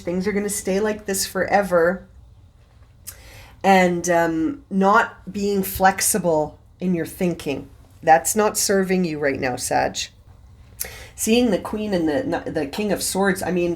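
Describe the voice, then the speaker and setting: Woman doing a tarot reading, kinda low voice, earnest and encouraging, lots of restarts. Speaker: tarot reader.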